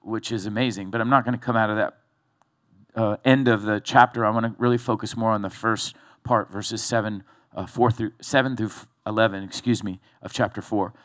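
A male pastor preaching a sermon, telling a story in a loose, conversational way with animated build-ups. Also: on the low side, brisk, no room sound, clean studio sound.

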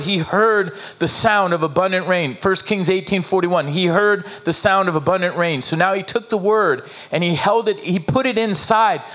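A man preaching a sermon as pastor, emphatic and animated, with repetitions and rhetorical questions to the congregation. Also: sits high.

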